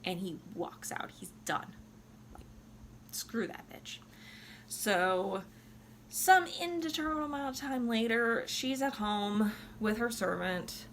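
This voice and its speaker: A woman's voice: a little high, expressive, slow, slight background noise. A tipsy woman casually retelling an opera plot in a loose, profane way, full of "like". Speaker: opera reviewer.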